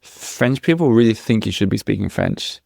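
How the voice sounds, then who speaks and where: An Australian man in his thirties, chatting casually as an interview guest, quick with asides and quoting people in lively voices. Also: fairly low pitch, gravelly, dry recording, clean studio sound. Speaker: podcaster, guest.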